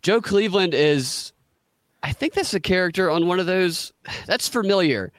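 Animated Southern man, joking podcast guest. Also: sits high, normal speed, no echo, clean studio sound. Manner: joking, animated, slips into put-on voices. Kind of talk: casual podcast chat.

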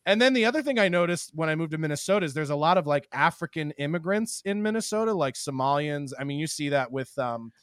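A man from Philadelphia hosting a podcast, talking in animated, quick bursts and swearing freely. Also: fairly high pitch, clear, resonant tone, no echo, clean studio sound. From Philadelphia, USA. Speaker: podcast host. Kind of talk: casual chat.

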